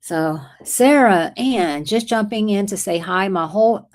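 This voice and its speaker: A woman hosting a casual livestream, chatting with viewers, with an irritated throat she keeps clearing. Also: mid-range voice, lively intonation, a little slow. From Texas. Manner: chatty, rambling, reads out viewer comments. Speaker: livestream host.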